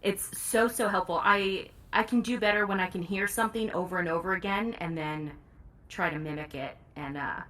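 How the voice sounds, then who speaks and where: A woman's voice: fairly low pitch, fairly even intonation, normal speed, pushed and bright. A woman audiobook narrator, a guest in a casual interview, talking candidly and laughing easily.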